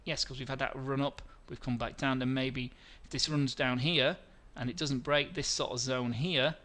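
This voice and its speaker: Man, middle-aged, bright forceful voice, rambling chart walkthrough, self-correcting, webinar host. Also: mid-range voice, fairly even intonation, normal speed. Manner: rambling, self-correcting, answers viewer questions.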